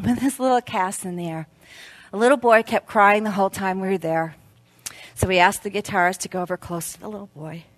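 A woman's voice: medium pitch, brisk, dry recording. Earnest woman preaching. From United States. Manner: earnest, storytelling, dropping to a soft hush in prayer. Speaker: speaker at a women's Christmas event. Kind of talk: sermon with storytelling and prayer. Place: event venue.

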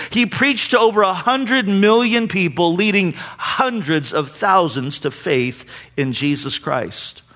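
High-voiced preacher guy, tells jokes and stories, slows way down and gets soft on the big lines. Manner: storytelling, with rhetorical questions and jokes; slows and drops his voice at key phrases. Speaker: pastor. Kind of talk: sermon.

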